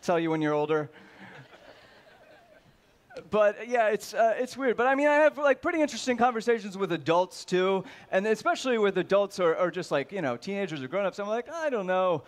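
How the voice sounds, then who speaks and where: A man in his thirties with a high-pitched voice does stand-up, telling stories briskly and with animation. He acts out the voices of the people in them.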